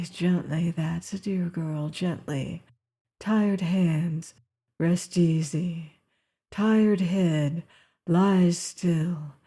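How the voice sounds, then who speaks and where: Woman voicing a gentle crooning man. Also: close to an everyday voice. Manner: low monotonous half sing-song crooning. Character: gentle strong man soothing a fevered girl. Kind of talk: audiobook character reading.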